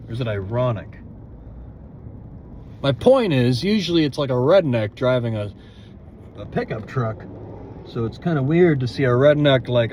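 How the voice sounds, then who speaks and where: A man's voice: medium pitch, expressive, normal speed, pauses often. A young man rambling to himself while driving, tired and cranky, swearing at other drivers. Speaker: vlogger. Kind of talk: casual driving monologue. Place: inside a moving car. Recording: loud road noise.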